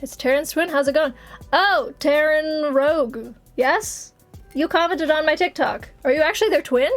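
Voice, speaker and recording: A woman's voice: high voice, normal speed, faint music behind. A woman streamer in casual livestream chat, rambling and giggly, swearing casually as she talks.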